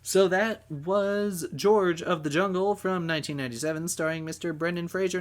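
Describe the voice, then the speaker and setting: A man hosting a casual film podcast, talking in a relaxed, rambling way with plenty of ums. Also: high-pitched, moderate pace, hardly any pauses. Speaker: podcast host.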